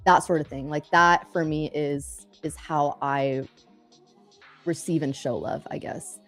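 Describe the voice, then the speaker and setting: A young woman with a lowish voice chats casually on a live trading stream, lively and quick to laugh as she tells stories between trades. Faint music runs underneath her talk. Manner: chatty, animated storyteller, laughs often. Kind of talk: casual chat while day trading.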